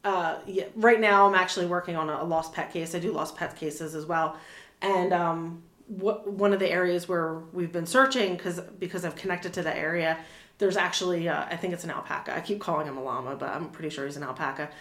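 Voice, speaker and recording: A talkative woman in her thirties with a fairly low voice, chatting as an interview guest. She rambles through fillers and restarts with an easy laugh. The room sounds echoey. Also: brisk, fairly bright tone. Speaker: animal communicator guest. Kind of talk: casual interview chat.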